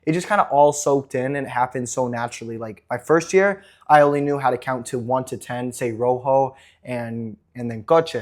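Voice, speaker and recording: A man's voice: mid-range voice, moderate pace, hardly any pauses. Young podcast host guy, grew up in mexico, chatty, lots of likes and you knows. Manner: laughs easily, chatty, many fillers. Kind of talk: casual chat.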